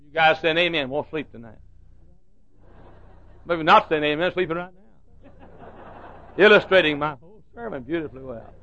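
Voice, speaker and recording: A man's voice: a little high, moderate pace, pauses often, sharp tone. An older man preaching a sermon with humorous storytelling and rhythmic repetition, in a muffled lo-fi recording.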